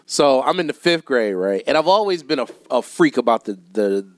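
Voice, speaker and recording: A medium-pitched man speaks at a moderate pace on a studio podcast he co-hosts, with no echo in the sound. His casual chat is full of lively storytelling and frequent laughter.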